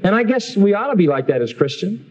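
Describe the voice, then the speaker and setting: A man teaching the Bible as a preacher, slowing down for emphatic scripture quotes and rushing through casual asides. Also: high voice, dull audio. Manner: lively preaching, swings between slow emphatic quotes and quick asides. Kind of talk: sermon.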